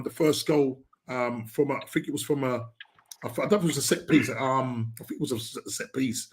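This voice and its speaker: A man hosting a football podcast, talking in a rambling, excitable way with lots of restarts. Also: fairly high pitch. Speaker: podcast host. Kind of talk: casual football chat.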